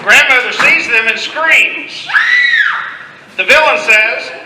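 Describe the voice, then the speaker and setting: A man tells a comic story to a live audience in a big, echoey room, stopping to coach the crowd and the volunteers. His voice sits very high and sounds bright and sharp. He takes the story at an unhurried pace. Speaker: storyteller leading an audience skit. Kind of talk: narrating a participation skit to a live audience.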